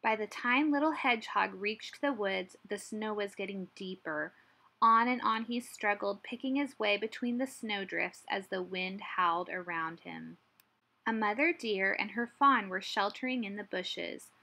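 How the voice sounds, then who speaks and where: A woman teacher reading a picture book aloud with gentle, expressive storytelling. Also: medium pitch, measured pace, gravelly.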